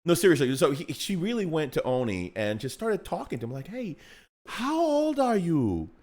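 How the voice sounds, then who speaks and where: A man with a high voice that swings wildly up and down as he tells stories. He chats casually on a hobby livestream and slips into other people's voices while telling a tale. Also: a little fast. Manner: animated storyteller, jumps into high voices quoting others. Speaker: co-host.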